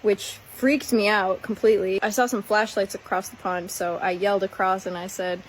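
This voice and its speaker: Calm woman vlogger from Minnesota. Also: mid-range voice, normal speed, a little hiss or hum, poor audio. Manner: calm, matter-of-fact storytelling. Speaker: van lifer vlogger. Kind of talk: storytelling vlog.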